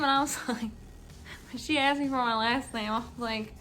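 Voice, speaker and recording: A tipsy woman vlogger telling a story in a casual, animated way and swearing freely. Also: on the high side, brisk, soft background music.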